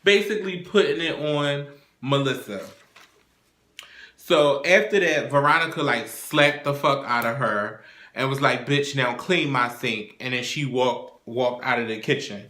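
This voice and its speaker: Bright-voiced man recapping a show. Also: medium pitch, a little slow. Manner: profane, retells scenes by acting out characters' lines. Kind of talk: casual episode recap. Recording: echoey room.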